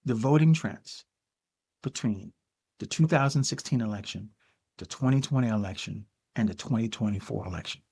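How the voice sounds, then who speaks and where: In a fairly low, gravelly, somewhat mellow and husky voice, an older podcast host delivers solo political commentary at a moderate pace. He's emphatic and talks straight to his audience, peppering it with "okay."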